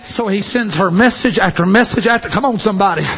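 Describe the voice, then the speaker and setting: A man preaching a sermon, fervent and often shouting, with repeated exhortations to the congregation. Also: high voice, fast. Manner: fervent, shouting exhortation with call-and-response phrases. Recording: dull lo-fi recording.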